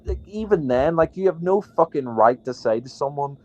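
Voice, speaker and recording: A man's voice: fairly high pitch, expressive, moderate pace, a little mellow, highs cut off. A man co-hosting a podcast, indignant and rambling, with many fillers. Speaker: podcast co-host. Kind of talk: heated podcast rant.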